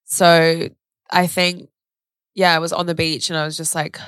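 A young woman co-hosts a podcast, speaking candidly and emotionally in casual chat, full of "like" with the odd swear word. Her low voice is level and a bit bright, with a clean tone at a moderate pace. The sound is studio quality with no room sound.

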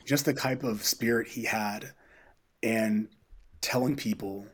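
Husky-voiced coach telling stories. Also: male voice, on the low side, slow pace. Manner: animated, quotes people in dialogue. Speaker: high school coach, podcast guest. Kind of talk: casual interview storytelling.

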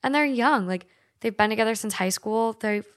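A woman's voice: on the high side, moderate pace. A woman from Minnesota hosting a podcast, chatting loosely and reading stories aloud, with lots of "like" and frequent swearing. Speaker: podcast host.

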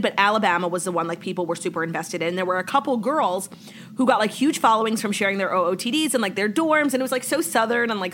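A woman's voice: on the high side, a little hiss or hum. A young woman from New York co-hosting a podcast, telling a story in casual chat full of "like" fillers. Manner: chatty, heavy "like" filler, animated retelling. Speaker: podcast co-host.

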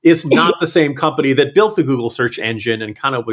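A man's voice: medium pitch, expressive, fast, a bit bright. Man, panelist, casual chat, rambling, self-correcting. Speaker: podcast panelist.

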